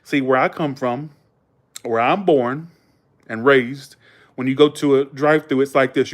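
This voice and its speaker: A man's voice: mid-range voice, fairly even intonation, a little slow, pauses often. A man from the Southern US with a Southern accent, rambling casually on a live stream, swearing freely and telling stories. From Southern United States.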